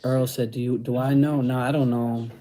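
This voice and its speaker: A man's voice: mid-range voice, flat delivery, fairly quick, dark tone. A middle-aged man chatting casually on a livestream, using street slang and repeating phrases. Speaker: host reading live chat.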